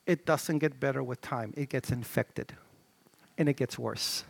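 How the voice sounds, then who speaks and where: A middle-aged male pastor preaching a sermon in an animated, conversational way, with stammered restarts and swings from shouts to low murmurs. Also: measured pace, gravelly, breathy edge, no echo.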